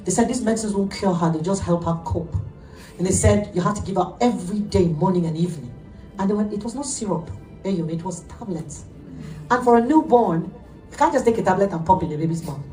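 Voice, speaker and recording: A middle-aged woman pastor preaching an animated sermon, laughing often as she tells stories. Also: medium pitch, brisk, faint music behind. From Nigeria. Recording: echoey room, heard from a distance.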